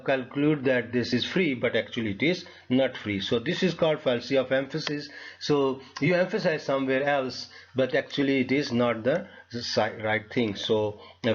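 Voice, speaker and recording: A man teaching a lecture on logic fallacies, talking in a halting way with many fillers and restarts. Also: mid-range voice, husky, muffled recording.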